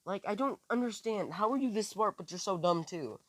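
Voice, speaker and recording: A man's voice: lively intonation, brisk, fairly bright tone, no echo. Man doing an exasperated teen ninja girl. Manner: scolding, higher pitched.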